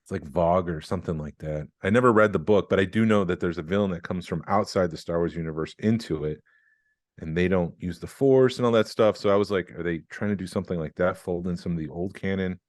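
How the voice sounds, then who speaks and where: A man hosting a podcast, chatting in a relaxed, rambling way with filler words. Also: low-pitched, fast, no echo, studio quality. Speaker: podcast host. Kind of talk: casual chat.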